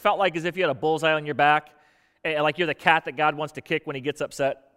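High-voiced man preaching in a reverberant hall. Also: fast, smooth. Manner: paraphrases scripture in lively conversational speech, voicing Job with rising intensity. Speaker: pastor. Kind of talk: sermon.

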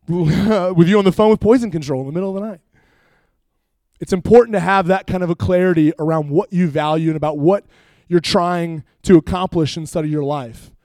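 A young man, a youth pastor, preaching and telling a funny personal story with animated, jokey asides. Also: high-pitched, no room sound, studio quality.

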